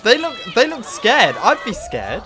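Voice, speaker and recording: A man's voice: very high voice, a little slow, noisy background. A young man hosting a reaction video in casual, rambling chat, gasping "oh my god" and filling gaps with "like". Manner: excitable, rambling, full of "like" and "oh my god".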